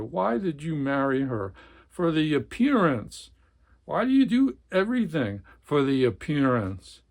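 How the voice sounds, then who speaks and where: A man voicing a harsh, accusing older brother, a surgeon who cuts down his sibling, in a novel reading. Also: mid-range voice. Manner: cutting, accusing.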